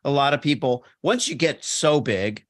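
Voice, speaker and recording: A man hosting a podcast interview, reflective and measured, thinking aloud as he talks. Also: mid-range voice, dry recording, studio quality. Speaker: podcast host. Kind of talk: conversational interview.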